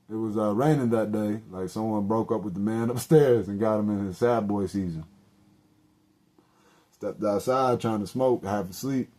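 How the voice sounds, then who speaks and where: A young man talks alone on his podcast, spinning loose, profane stories full of joking asides. His voice sits low and mellow. He stops to correct himself and laughs at his own slips. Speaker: podcast host. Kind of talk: casual solo storytelling.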